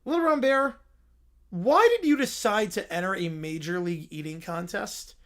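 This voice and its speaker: A man hosting a livestream, narrating improvised comedy sketches in a rapid mock-sportscaster manner. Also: high-pitched, fairly bright tone. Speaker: livestream host.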